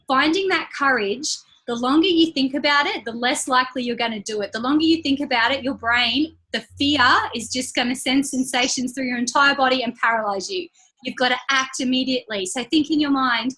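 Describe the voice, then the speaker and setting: A woman's voice: high voice, a little fast, low-quality recording. A young woman giving an upbeat, chatty motivational training talk as a team leader, acting out little quoted exchanges. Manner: chatty, upbeat, acts out quotes in lively voices. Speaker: network marketing team leader. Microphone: call recording.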